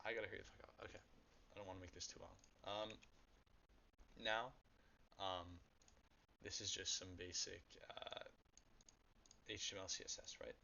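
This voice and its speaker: Young guy with a low, gravelly voice, bright edge. Rambling casual coding walkthrough on a dull lo-fi mic. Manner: loose and rambling, swears, thinks aloud with many ums. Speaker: self-taught coder giving a web dev walkthrough. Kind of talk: casual screen-share coding tutorial. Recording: dull lo-fi mic with faint noise.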